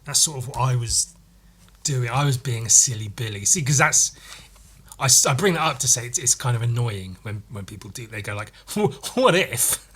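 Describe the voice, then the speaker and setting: A man's voice: mid-range voice, a little fast, fairly bright tone, husky. A man hosting a solo comedy podcast, rambling and meandering, often stumbling and repeating words as he goes. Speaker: podcast host.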